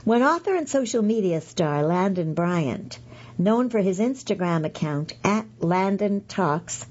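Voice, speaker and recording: A woman's voice: mid-range voice, darkish tone, husky, highs cut off. A middle-aged woman reading magazine pieces aloud for a podcast, chatty and correcting herself with asides.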